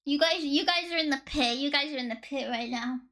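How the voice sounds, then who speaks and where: Very high-voiced joking woman streamer. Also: brisk, fairly bright tone. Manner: joking, sarcastic, swearing freely. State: voice slightly worn from past strain. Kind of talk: casual chat with live viewers.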